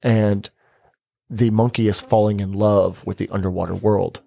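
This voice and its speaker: A man co-hosting a podcast, telling a tale in slow, drawn-out phrases. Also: lowish voice, steady tone, creaky, mellow, no echo, clean studio sound. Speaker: podcast co-host. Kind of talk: casual storytelling and banter.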